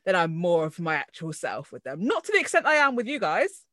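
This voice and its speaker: A woman's voice: lowish voice, big pitch swings, a little fast, fairly bright tone, no room sound, clean studio sound. A woman co-hosting a podcast in casual chat, chatty and reflective about herself. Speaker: podcast co-host.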